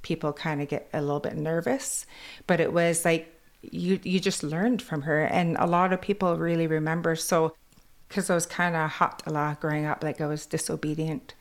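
A woman's voice: low-pitched, moderate pace. Chatty woman with a Kwakwala-tinged accent. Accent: Kwakwala-influenced English. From British Columbia, Canada. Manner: chatty, animated, quotes others in put-on voices. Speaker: interviewee. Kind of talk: casual storytelling chat.

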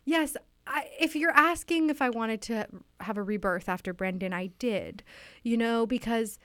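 A woman's voice: on the high side, a bit bright, dry recording. Earnest woman rambling in a mock interview, restarts a lot, dry close mic. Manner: earnest, halting, wistful with many restarts. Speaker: interviewee playing a fictional author. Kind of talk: improvised comedy interview. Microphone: studio microphone.

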